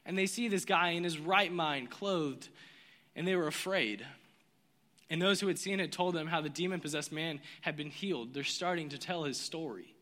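A man preaching a sermon, telling the story with lively energy and acting out the voices of its characters. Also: on the high side, normal speed, long reverb tail. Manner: animated storytelling, acts out voices. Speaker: pastor.

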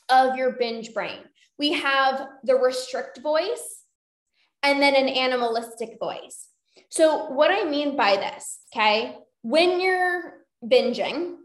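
A woman coaching casually on a podcast, chatty and often checking in with "right?" and "like". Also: a little high. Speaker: binge eating coach and podcast host. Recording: roomy echo.

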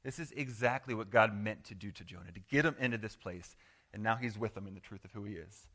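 A man preaching a sermon as pastor, earnest and conversational, swinging from loud to hushed and acting out quoted prayers. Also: on the low side, fast. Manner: acts out quoted prayers and replies in voice.

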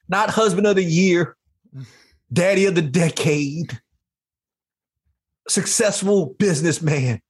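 A man's voice: high voice, slow pace, breathy edge. A man as a podcast guest giving an emotional personal testimony with a fervent, preacher-like delivery.

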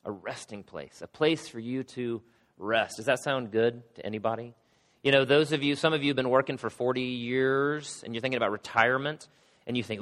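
A middle-aged male pastor with a cold and a hoarse voice, preaching a sermon with casual joking asides. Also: medium pitch, brisk, fairly bright tone. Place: church sanctuary. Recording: long hall reverb.

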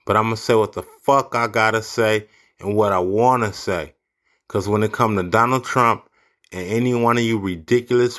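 A man's voice: on the low side, a bit bright. A man ranting angrily about politics, profane and blunt. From United States. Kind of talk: angry political rant.

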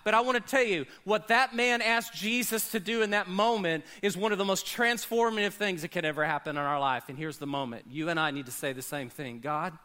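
Pastor, male, high bright voice, dynamic sermon delivery with loud peaks and hushed drops. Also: a little fast, hardly any pauses. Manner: dynamic preaching, swinging between loud high bursts and low quiet asides.

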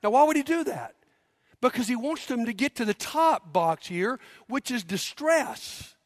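A man's voice: very high voice, animated, a little slow, clean studio sound. A man preaching a sermon as pastor, emphatic, leading the congregation in call-and-response. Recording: long hall reverb.

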